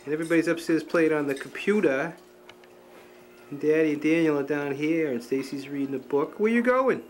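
A man's voice: on the high side, flat delivery, brisk. A man, a father filming a home video, chatting to the camera and cooing to his baby. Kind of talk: casual home video narration. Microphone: camcorder microphone. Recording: hissy old camcorder tape.

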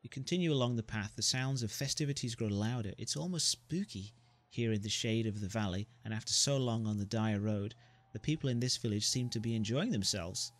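A man's voice: lowish voice, fairly quick. Man reading a story game aloud. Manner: reads narration with joking asides. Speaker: gamer.

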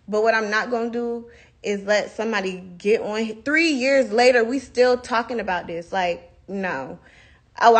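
A young woman with a breathy-edged, mid-range voice hosts a livestream, ranting into her phone. It's a heated, casual rant, blunt and full of profanity.

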